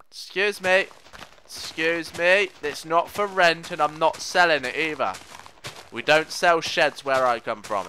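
A man's voice: a little high, pushed and bright, slight background noise. A young man giving rambling, jokey commentary as he plays a block-building game, chatting to the animals in it. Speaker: Minecraft let's player. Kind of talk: gameplay commentary.

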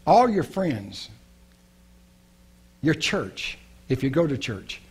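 A man's voice: fairly high pitch, very animated, slow, slightly rough. A male pastor preaching a sermon, earnest and prayerful, repeating key phrases.

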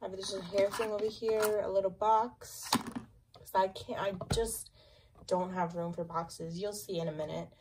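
A woman's voice: mid-range voice, fairly even intonation, normal speed, very noisy. A young woman casually touring her makeup collection, rambling with lots of fillers. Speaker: beauty vlogger.

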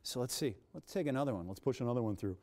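A science presenter for children races through a demonstration in a TV studio, full of energy and showmanship. His pitch and volume swing widely.

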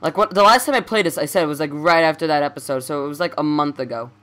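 A man's voice: on the high side, quick pace, fairly bright tone, soft background music. A young man giving casual let's play commentary, rambling and stammering as he corrects himself.

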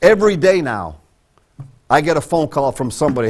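A man's voice: big pitch swings, a little fast, darkish tone. A man preaching a sermon from a church pulpit, emphatic and conversational. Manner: emphatic, conversational preaching with sudden pitch jumps. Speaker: pastor. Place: church sanctuary.

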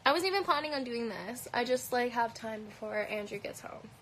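A woman's voice: a little high, lively intonation, a little fast, a bit bright, a little hiss or hum, poor audio. A woman with a light Canadian accent chatting casually on a phone livestream, answering comments in a blunt, profane way with plenty of "um"s and "like"s. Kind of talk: casual live Q&A chat. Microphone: phone held at arm's length.

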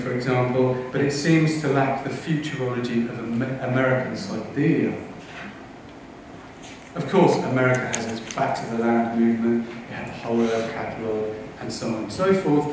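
A man's voice: mid-range voice, noisy background. A man giving a conference lecture, eager and wry, with asides to the audience. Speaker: conference speaker. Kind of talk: lecture talk. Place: conference hall. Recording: echoey hall, heard from a distance.

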